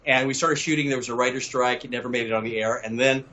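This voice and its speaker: An older man from Mississippi, a guest telling lively stories over a video call and laughing often. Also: medium pitch, quick pace, muffled recording. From Southern US, Mississippi. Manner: animated storyteller, laughs often.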